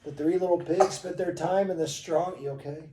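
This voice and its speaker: A woman reads a bedtime story aloud to a child in a gentle, expressive way. Her voice is low and mellow, and her pace is unhurried. She sounds set back from the mic in an echoing room. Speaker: parent reading to a child. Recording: roomy echo, distant mic.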